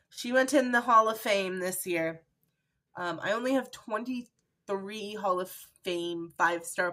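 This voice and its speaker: A woman's voice: fairly low pitch, fairly bright tone. Chatty woman reviewing a book. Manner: chatty and emotional, with fillers. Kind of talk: casual book review vlog.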